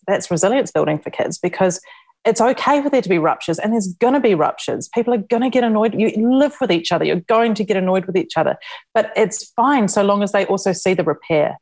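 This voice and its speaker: A woman's voice: mid-range voice, animated, a little fast, a little mellow. A woman guest on a podcast, candidly telling family stories in casual chat and laughing as she goes. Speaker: guest author.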